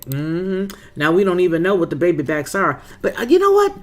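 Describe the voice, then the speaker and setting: With a fairly low voice whose pitch swoops wildly, she talks at a moderate pace with hardly any pauses. She's running a relaxed livestream, greeting viewers by name, reading their comments, and calling them girl, baby or boo-boo in a homey, chatty manner.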